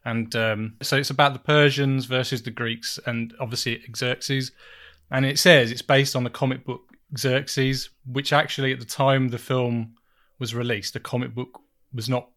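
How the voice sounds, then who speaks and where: A man's voice: medium pitch, level tone, normal speed, fairly bright tone. A man chatting casually about films as a podcast host. He rambles and mocks himself, laughing between thoughts. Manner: rambling, self-mocking, laughs often. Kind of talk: casual chat.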